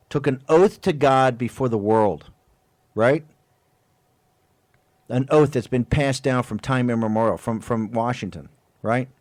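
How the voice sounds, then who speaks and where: Male talk-radio host, fiery and emphatic, fires off rhetorical questions, mid-pitched voice. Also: no echo.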